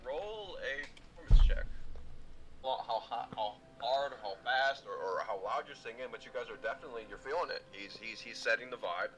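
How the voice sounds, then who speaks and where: A man's voice: medium pitch, expressive, fairly quick, a crowd in the background. A man as game master, narrating loosely with stammered restarts. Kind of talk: running a tabletop game.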